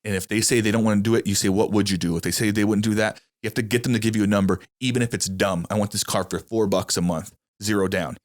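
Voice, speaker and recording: A man's voice: on the low side, quick pace, hardly any pauses. A young man hosting a casual podcast, telling stories and acting out the people in them. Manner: animated storyteller, acts out quotes. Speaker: podcast host.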